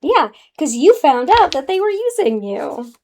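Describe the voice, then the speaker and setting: Woman, fairly high voice, sassy, casual tarot card reading, calls the viewer honey. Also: sing-song, a little slow, dark tone.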